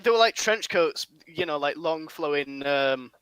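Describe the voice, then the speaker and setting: A young man from England rambles through a funny anecdote on a podcast, laughing at his own story as he goes. His voice is bright and a little tense and sits fairly high, and the recording is dry and close. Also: expressive, a little slow, clean tone, no echo. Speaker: podcast host. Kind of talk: casual chat.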